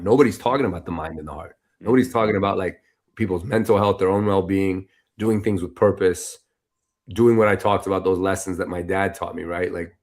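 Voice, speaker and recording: A man guest on a podcast, telling a story in a loose, animated, conversational way with lots of filler phrases. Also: sits low. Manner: animated, loose and conversational, full of "you know" and "like". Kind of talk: casual storytelling interview.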